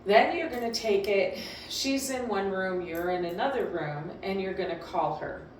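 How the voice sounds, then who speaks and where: A woman's voice: mid-range voice, normal speed, a little hiss or hum. A woman dog trainer giving casual, emphatic instructions in a chatty, repetitive way. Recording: very echoey room, distant mic.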